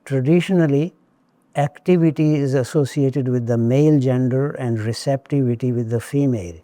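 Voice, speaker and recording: A man giving a lecture on spiritual traditions, speaking in a measured, deliberate way with occasional wry asides. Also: mid-range voice, dark tone, no room sound.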